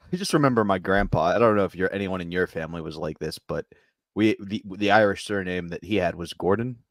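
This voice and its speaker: Low-voiced laid-back man, dry sound. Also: a little fast, dry recording. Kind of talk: casual comedic chat.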